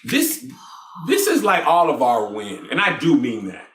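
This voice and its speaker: A man speaks to a live crowd, emphatic and grateful, and stacks up his thanks one after another. His voice rises and falls a lot as he speaks slowly, and the echoey venue rings around him. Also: a little high, huge pitch swings, a bit bright, a little hiss or hum. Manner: emphatic, grateful, rhythmic listing. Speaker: comedian thanking supporters. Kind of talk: live speech to an audience.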